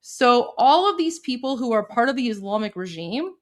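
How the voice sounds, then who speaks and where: A woman's voice: on the high side, sing-song, normal speed. A woman hosting live commentary, translating a clip for viewers, emphatic and full of repeated words and fillers. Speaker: host.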